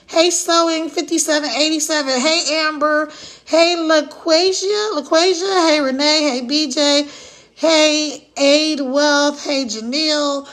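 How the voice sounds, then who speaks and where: High-voiced chatty woman livestreaming. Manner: chatty, animated, addresses viewers directly. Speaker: livestream host. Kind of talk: casual livestream chat.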